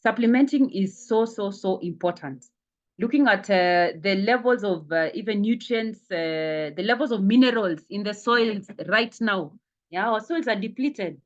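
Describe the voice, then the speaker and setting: A woman's voice: medium pitch, measured pace. Woman, wellness talk, repeats for emphasis, many fillers, dull lo-fi sound. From Kenya. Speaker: wellness speaker. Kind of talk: health talk presentation.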